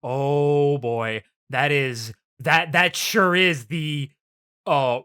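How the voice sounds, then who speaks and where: A man co-hosting a casual podcast, animated and laughing, swearing freely as he recaps an episode. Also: a little high, extremely slow, smooth. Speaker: podcast co-host.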